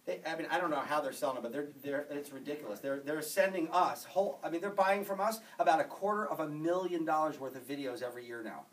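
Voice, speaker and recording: A man giving a motivational talk to an audience, energetic and emphatic, with repeated phrases. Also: fairly high pitch, fast talker, hardly any pauses. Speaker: motivational speaker. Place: office meeting room. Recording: distant mic in a room.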